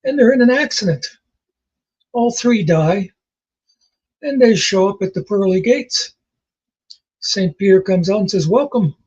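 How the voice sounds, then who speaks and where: Husky folksy man telling jokes. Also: high-pitched, unhurried, pauses often, a little mellow, lo-fi sound. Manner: folksy, rambling storyteller. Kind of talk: casual joke telling.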